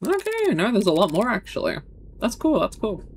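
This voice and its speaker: A young woman streaming a game and chatting casually with her viewers, bubbly and talkative, often trailing off with quick laughs. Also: mid-range voice, wildly swooping pitch, a little hiss or hum. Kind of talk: casual live-stream chat.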